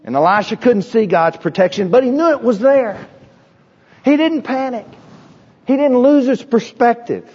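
A man preaching a sermon with a husky voice, emphatic and repetitive, asking the congregation rhetorical questions. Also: very high voice, moderate pace, darkish tone, in a large hall, muffled recording. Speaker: pastor.

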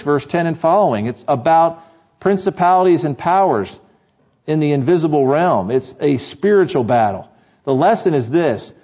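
A male pastor preaching, his voice sitting a little high for a man. He leans on rhetorical questions to his listeners and sounds earnest and emphatic. The recording is dull and lo-fi. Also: a little mellow. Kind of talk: sermon.

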